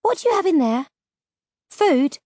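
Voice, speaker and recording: A woman voicing a scrappy young orphan girl who speaks bold and blunt, with sharp teasing retorts. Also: extremely high pitch, sing-song, unhurried, no room sound, studio quality, pitched above the performer's own voice, exaggerated voice. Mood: questioning.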